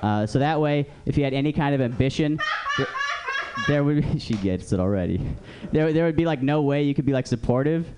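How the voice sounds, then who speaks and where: A male comedian tells rambling, profane stories from a club stage. His pitch swings widely as he works a handheld mic. A faint hiss runs beneath his voice. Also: animated, a little fast. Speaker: stand-up comedian. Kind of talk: stand-up comedy set.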